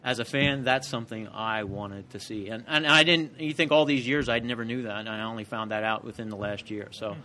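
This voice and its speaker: A man's voice: fairly low pitch, brisk, hardly any pauses, sharp tone, slight background noise. A man co-hosting a podcast live in a comic shop, rambling and trailing off as he chats. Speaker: podcast co-host. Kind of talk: casual round-table chat.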